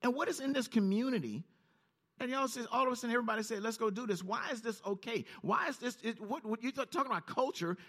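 During his sermon, a man delivers scripture in a steady, low register before his voice shoots up in pitch for his commentary, all at a quick clip.

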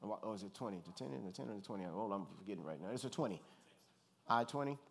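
A man from Louisiana, a pastor, preaching in a conversational, animated way with joking asides and calls for the congregation to respond. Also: lowish voice, fast talker, creaky. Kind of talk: conversational sermon.

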